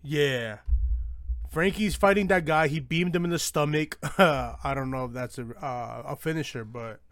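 Young male co-host, fairly high voice, relaxed slangy banter, dry close sound. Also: unhurried, dry recording. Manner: laid-back, slangy banter. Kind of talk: casual chat.

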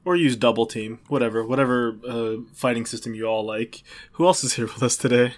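A man's voice: medium pitch, steady tone, brisk. A man hosting a podcast in casual, joking chat. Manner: playful, jokey. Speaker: podcast host.

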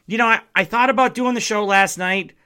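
A young Midwestern man from Wisconsin hosting a casual sports podcast from his basement, his voice a little hoarse from shouting, talking in an excitable, sarcastic, emphatic way. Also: sits high, brisk. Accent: Midwestern American. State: strained, slightly hoarse voice. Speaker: podcast host. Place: home basement.

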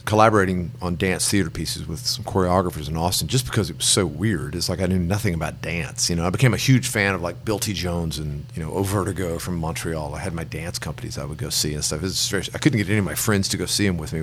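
A man's voice: low-pitched, fast talker, hardly any pauses, a little hiss or hum. A middle-aged man, a songwriter guest, telling long rambling anecdotes and acting out the people he quotes. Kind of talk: relaxed storytelling in an interview.

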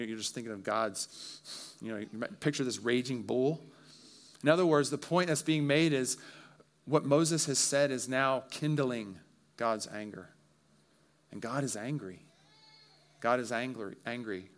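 A man preaching a sermon, walking through a Bible passage verse by verse with earnest explanation and everyday examples. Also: mid-range voice. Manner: earnest expository preaching with relatable asides. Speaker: pastor.

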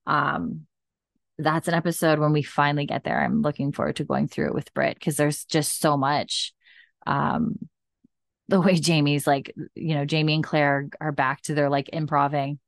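A woman's voice: sits low, level tone, moderate pace, vocal fry, dry recording, studio quality. A woman hosting a podcast, chatting casually and gushing about recent episodes, with lots of fillers. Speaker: podcast host. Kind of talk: casual chat recap.

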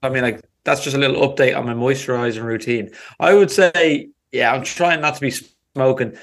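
A man's voice: medium pitch, a little fast, a bit bright. A man co-hosting a casual podcast, rambling easily through answers and swearing now and then. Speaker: podcast co-host.

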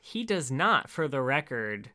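A man's voice: mid-range voice, very animated, a little slow, sharp tone. A man in his thirties co-hosting a podcast in casual chat. He is sarcastic and laughs often. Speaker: podcast co-host.

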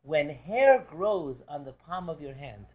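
A man quoting a scornful Nazi officer in a low, cold, mocking voice, on a dull lo-fi recording. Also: big pitch swings, a little slow.

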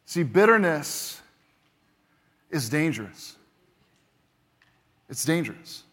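A higher-pitched man preaches from the pulpit, leaning hard into key words and then dropping to a hush. His voice rings out through the long reverb of a large church hall. Each point lands with insistent emphasis. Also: lively intonation, a little slow. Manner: emphatic, swings between loud punches and quiet drops. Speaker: pastor. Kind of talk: sermon.

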